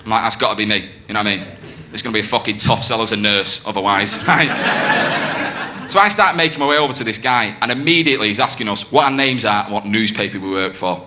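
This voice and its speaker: A man's voice: lowish voice, quick pace. A man doing a brash stand-up comedy set, telling a story and acting out the voices, with audience laughter behind him. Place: comedy club stage. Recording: noisy live club recording. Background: audience laughter and room ambience.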